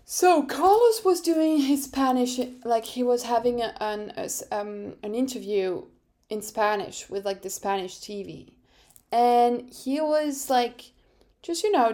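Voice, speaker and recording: A young woman hosts a casual solo podcast recap in a fairly high voice. She talks slowly and unhurriedly, but stays animated, laughs often and swears freely. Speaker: podcast host.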